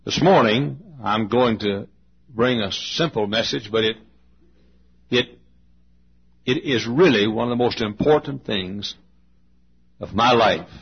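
Male pastor, sermon, emphatic and repetitive, husky voice, dull lo-fi sound. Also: on the low side. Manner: slow, emphatic preaching with repetitions and direct appeals to listeners. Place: large auditorium.

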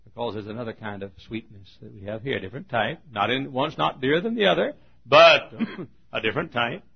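Folksy male preacher, gravelly and husky, joking sermon, dull lo-fi recording. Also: mid-range voice, fairly quick. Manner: folksy, humorous, self-mocking storytelling.

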